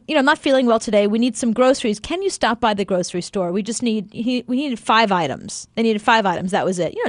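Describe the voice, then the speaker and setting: A high-voiced woman radio host swooping up and down as she tells stories, laughing often. Her voice is close and dry at a studio mic, casual and chatty. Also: no echo. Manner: animated storyteller, laughs often. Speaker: radio talk show host.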